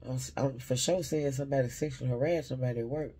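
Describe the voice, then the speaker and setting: Husky man rambling through a psychic reading. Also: mid-range voice, fairly even intonation, rapid-fire, dark tone. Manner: rambling, talks straight to the audience, often second-guesses his words. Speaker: spiritual advisor giving psychic readings. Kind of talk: casual psychic reading to viewers.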